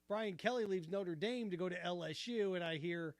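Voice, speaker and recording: A man hosting a sports talk show, arguing his opinions with rhetorical questions in an animated, argumentative way. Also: high-pitched, normal speed, few pauses, no room sound.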